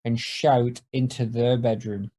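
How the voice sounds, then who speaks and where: A man co-hosting a podcast in casual chat, animated and playful as he talks. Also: mid-range voice, measured pace. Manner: animated, dips into voices while reading. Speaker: podcast co-host. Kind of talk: casual chat, reading a scene aloud.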